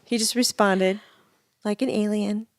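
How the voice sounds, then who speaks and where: A woman who co-hosts a casual podcast and works as a medium tells stories animatedly and laughs often. Her mid-range voice is steady and measured in pace, with a noisy background behind her.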